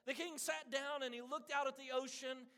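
In a long, reverberant hall, a pastor delivers an earnest sermon built around a story, voicing each character himself. His pitch is extremely high, pushed and bright, with fairly even intonation at a moderate pace.

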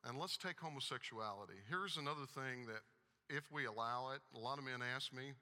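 Forceful preacher man in a reverberant hall. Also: medium pitch, fairly quick. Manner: emphatic, reads scripture aloud. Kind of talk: sermon.

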